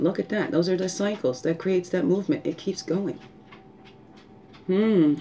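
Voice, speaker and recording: A woman hosting a spiritual guidance talk, musing aloud and asking rhetorical questions, often tagging "right?" and a soft "hmm". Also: sits low, a little hiss or hum. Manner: musing, asks rhetorical questions, adds 'right?' and 'hmm'. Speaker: spiritual guidance show host.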